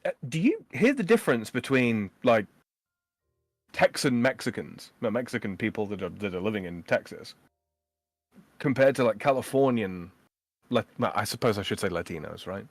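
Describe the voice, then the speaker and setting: A man with a low voice joins a podcast as a guest. He explains himself haltingly, repeating words and swearing casually, in a dry, close recording. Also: expressive, no echo, soft background music. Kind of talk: casual chat about accents.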